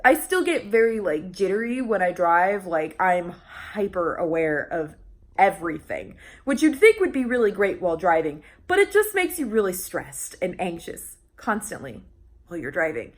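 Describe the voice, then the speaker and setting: A woman's voice: fairly low pitch, big pitch swings, normal speed. A young woman talking casually in a vlog, chatty and full of restarts and fillers, laughing often. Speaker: vlogger.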